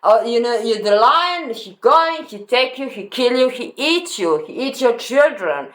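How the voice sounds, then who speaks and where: A woman hosting a reaction video, commenting on a clip in halting phrasing that repeats words as she goes. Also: fairly high pitch, expressive.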